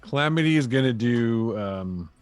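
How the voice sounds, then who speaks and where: A man's voice: mid-range voice, expressive, normal speed, dry recording. A man playing a tabletop game, explaining his character's moves with joking, profane banter. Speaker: player. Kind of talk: tabletop game play chat.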